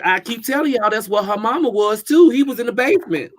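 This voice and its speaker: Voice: mid-range voice, animated, quick pace, no room sound. A guest panelist on a casual talk show, tossing out sassy quips and questions.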